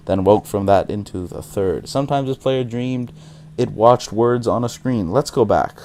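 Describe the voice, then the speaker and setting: With game music in the background, a man hosting a game session for his channel reads its text out loud, often tripping over words and giggling. He has a lowish, slightly mellow voice.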